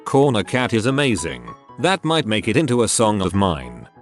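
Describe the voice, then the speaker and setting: A man reading online posts aloud as scripted narration, lively and expressive with dry asides. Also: on the low side, normal speed, over music.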